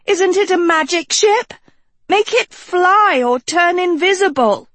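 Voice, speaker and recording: A woman voicing a vain, dramatic teenage girl who wails in a high squawk. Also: slow pace, fairly bright tone, no echo, full character voice. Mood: whiny.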